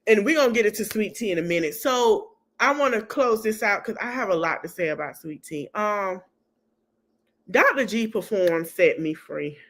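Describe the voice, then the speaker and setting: A woman's voice: medium pitch, normal speed. Sassy woman podcast host dishing gossip. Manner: sassy, animated gossip, breaks into laughter. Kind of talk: casual reality TV recap.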